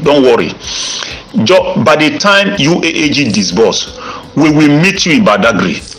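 A Nigerian man rants into a voice note at an ordinary mid pitch, issuing threats and repeating himself again and again. He stumbles through restarts and drawn-out filler sounds as he presses his warnings. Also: a bit bright, poor audio. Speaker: self-styled evangelist and grant campaigner. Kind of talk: voice-note rant.

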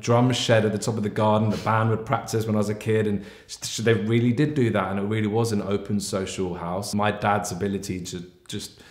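A man's voice: lowish voice, brisk, hardly any pauses. A young man with an English accent, chatting casually and laughing easily while answering viewer questions with his partner. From England. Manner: relaxed, rambling, laughs easily. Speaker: vlogger co-host. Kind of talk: casual couple Q&A chat. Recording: echoey room.

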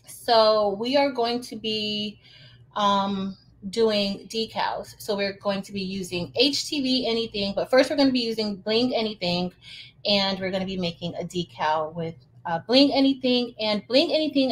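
A woman hosting a casual crafting livestream on her phone, chatting and greeting viewers. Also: fairly high pitch.

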